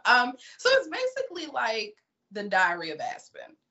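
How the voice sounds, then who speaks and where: Animated woman with a Baltimore accent. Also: a little high, normal speed, creaky, muffled recording. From Baltimore, USA. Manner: candid, animated storytelling. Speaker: podcast guest. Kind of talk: casual chat.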